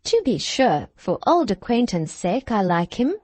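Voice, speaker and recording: A woman's voice: mid-range voice, big pitch swings, unhurried, a little mellow, slightly rough, no echo. A woman reading the lines of a genial older father who teases his daughter fondly, in an indulgent manner. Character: fond, genial older Scots father, gently teasing.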